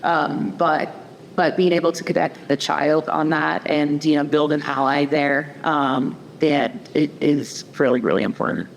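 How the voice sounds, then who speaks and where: Low-voiced woman counselor on a panel. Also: steady tone, measured pace, gravelly. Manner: conversational, many fillers and restarts. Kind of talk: panel discussion. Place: community event hall. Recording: echoey hall, faint background noise.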